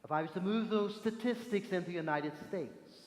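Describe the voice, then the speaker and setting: A man preaching a sermon, telling stories with emphatic pauses, from Northern Ireland. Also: sits high. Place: church sanctuary. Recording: echoey church hall reverb.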